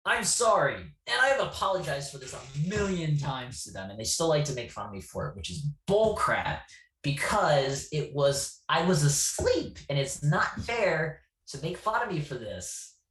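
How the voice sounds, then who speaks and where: A man guesting on a podcast, telling road stories in a lively, self-deprecating way. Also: on the high side, normal speed. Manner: self-deprecating, animated storyteller. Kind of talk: casual storytelling chat. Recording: echoey room, distant from mic.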